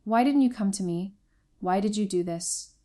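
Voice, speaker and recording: A woman's voice: mid-range voice, normal speed, lightly acted. Woman reading as a stunned, hurt husband. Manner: quiet, shaken questions.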